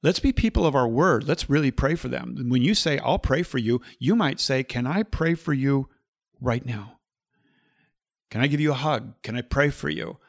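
A man's voice: mid-range voice, animated, normal speed, creaky, no echo, clean studio sound. A man hosting a Catholic podcast, talking earnestly and pastorally, repeating key phrases and closing in prayer.

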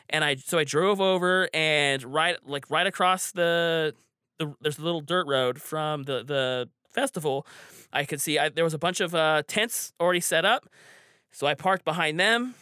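Bright-voiced man telling a rambling story. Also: on the high side, moderate pace, clean tone, no echo, clean studio sound. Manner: rambling, frequent restarts and fillers. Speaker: storyteller guest. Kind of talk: casual storytelling.

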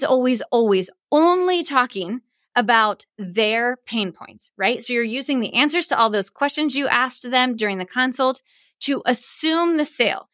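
Upbeat woman podcast host, bright higher voice, dry close sound, quick and excited delivery. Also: dry recording. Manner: energetic, excited, fast-talking. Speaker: podcast host and wedding business coach. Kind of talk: solo business podcast.

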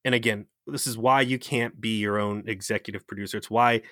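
A man with a bright, forceful voice rants sarcastically through a casual critique chat. The recording is dry and close, with no room sound. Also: lowish voice, fairly even intonation, fairly quick, no echo. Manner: ranting, profane, sarcastic. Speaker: podcast co-host.

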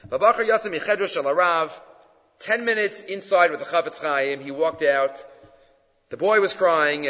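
A man leads a Torah class, telling stories with a lively, rising and falling delivery in a fairly high, bright voice. He drops Hebrew phrases freely into his English. The lo-fi recording sounds dull and carries a long hall reverb. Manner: animated storyteller, mixes Hebrew phrases into English. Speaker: rabbi teaching a class.

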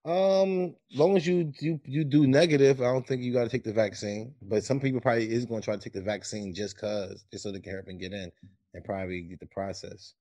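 A man's voice: on the low side, little pitch movement, fast, darkish tone, no room sound. A man co-hosting a podcast, telling loose, jokey stories in casual chat and often stammering. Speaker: podcast co-host.

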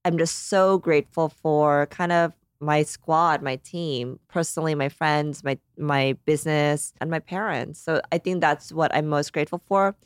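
A woman's voice: low voice, fairly even intonation, moderate pace, few pauses, clear, resonant tone, no echo, clean studio sound. A woman in her thirties co-hosting a podcast, chatting casually and emotionally, with lots of "like"s. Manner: emotional, grateful, rambling with many "like"s. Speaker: podcast co-host. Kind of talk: casual chat.

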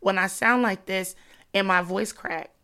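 A woman's voice: medium pitch, steady tone, measured pace, pushed and bright, clear, resonant tone. A woman with a congested nose from allergies, hosting a faith podcast in a chatty style and talking to listeners like close friends. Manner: chatty, addresses listeners as sis and y'all. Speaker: podcast host. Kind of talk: casual faith talk.

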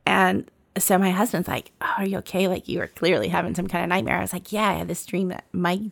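Gravelly-voiced woman telling a story. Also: lowish voice, fast talker, no room sound. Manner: lively storyteller who acts out quoted dialogue and laughs often. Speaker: guest telling a personal story. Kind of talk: casual storytelling conversation.

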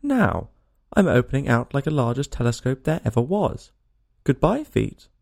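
A man's voice: mid-range voice, big pitch swings, normal speed, gravelly, darkish tone. Alice, a man voicing a fretful little girl. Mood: fretting. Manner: talks to herself, rambling and worried. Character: small curious fretful English girl. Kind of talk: storybook reading.

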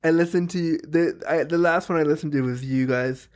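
A man hosting a casual podcast chat, animated and laughing often, trailing off and restarting mid-sentence. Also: a little high, brisk. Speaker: podcast host; power wheelchair user.

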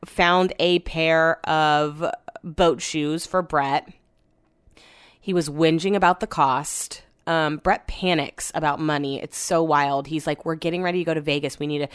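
A woman's voice: on the low side, clear, resonant tone, no room sound, clean studio sound. A young woman podcasting in a casual, rambling chat, retelling her day with exasperation.

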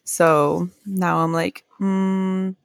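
Very slow and gravelly, with a fairly low pitch, a woman co-hosts a casual spooky podcast full of chat and stories. She's animated, laughs often, and acts out quoted voices, captured in clean studio sound with no echo.

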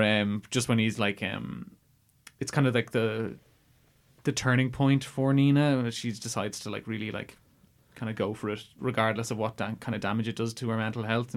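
A man co-hosting a film podcast, in casual, rambling chat with many fillers and restarts. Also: medium pitch. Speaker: podcast co-host.

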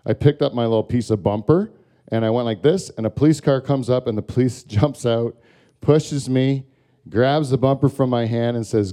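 A man hosting a comedy show, ranting through a profane storytelling monologue. He speaks in a mellow, mid-pitched voice, often stopping on filler words. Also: expressive, moderate pace.

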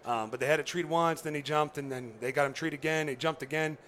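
A man, a podcast guest, telling a story in a casual, animated way, laughing often and acting out dialogue. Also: on the high side, fast, slight background noise.

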